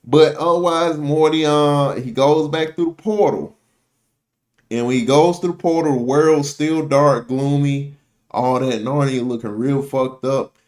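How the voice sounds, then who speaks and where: A man with a fairly high voice runs through a cartoon episode in loose, swear-heavy slang. He keeps dropping into quick impressions of the characters as he tells it, in the easy rhythm of a casual reaction video. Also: fairly even intonation, darkish tone. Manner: profane, slangy storytelling that acts out characters' lines.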